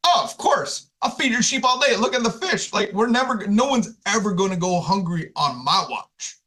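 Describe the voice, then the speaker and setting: Man putting on an overjoyed fisherman apostle, squeaky and giddy, bursting with eagerness. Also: unhurried, exaggerated voice. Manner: giddy, high-pitched, excitable.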